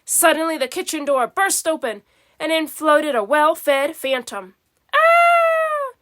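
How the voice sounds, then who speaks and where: A woman reading a children's storybook aloud, slow and expressive. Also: high voice. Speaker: storybook reader. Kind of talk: storybook narration.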